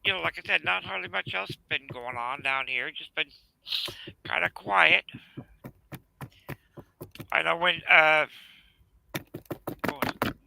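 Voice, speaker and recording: Gravelly bright-voiced Southern man. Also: on the high side, slight background noise, rough recording. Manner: rambling, halting, many fillers. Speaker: channel host. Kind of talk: casual storytelling chat.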